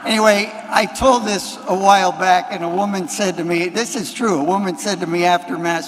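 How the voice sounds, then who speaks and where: A priest with a fairly high voice preaches a homily in an everyday, conversational way, leaning on repeated phrases and dropping in offhand asides. His words ring out through a large church with a long trailing echo. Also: fairly even intonation, moderate pace, few pauses, slight background noise. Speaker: Catholic priest.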